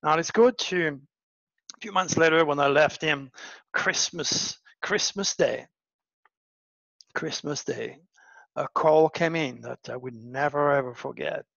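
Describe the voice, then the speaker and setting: Gravelly dramatic male storyteller, muffled sound. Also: fairly high pitch, slow, pauses often, a bit bright, dry recording. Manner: dramatic, repeats words for emphasis. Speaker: astrology show host. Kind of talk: personal storytelling monologue.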